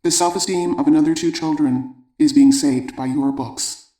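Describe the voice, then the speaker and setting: A man with a fairly high but mellow voice reads an audiobook aloud. His delivery is measured and even, in the manner of scripted narration. The sound carries a roomy echo.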